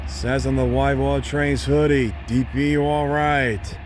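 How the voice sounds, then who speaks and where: A man filming trains trackside outdoors, talking casually and excitedly, repeating himself and calling out locomotive numbers. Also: mid-range voice, a little slow, few pauses. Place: outdoors beside a railway line. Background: passing train, outdoor noise.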